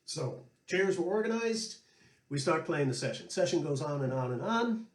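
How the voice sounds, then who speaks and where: A man's voice: a little high, normal speed. Chatty man telling stories in echoey room. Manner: chatty, anecdotal, relaxed. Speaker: flute player and show host. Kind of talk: storytelling and music tips.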